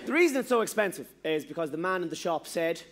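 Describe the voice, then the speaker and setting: An Irish man doing rambling, profane stand-up on a theatre stage, halting and restarting his sentences. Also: on the high side, sing-song, fairly bright tone. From Ireland. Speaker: stand-up comedian. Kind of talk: stand-up routine. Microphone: stage microphone. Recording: live show, noisy crowd.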